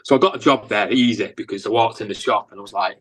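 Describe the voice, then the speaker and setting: A man's voice: on the low side, quick pace, slightly rough, poor audio. Chatty northern English man telling stories. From England. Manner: rambling, animated anecdotes with lots of fillers. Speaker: musician guest. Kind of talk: casual storytelling interview.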